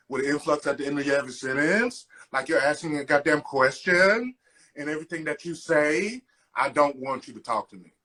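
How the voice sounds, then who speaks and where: A man co-hosts a casual podcast chat, ranting with plenty of swearing and mocking impressions of how other people talk. His voice is a little high, fairly quick, bright and forceful.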